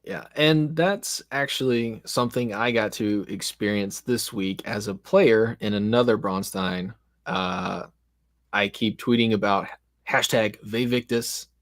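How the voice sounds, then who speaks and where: A man's voice: on the low side, unhurried, dry recording, clean studio sound. A man hosting a casual live-stream chat about tabletop games, rambling and self-deprecating. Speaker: podcast host and game master.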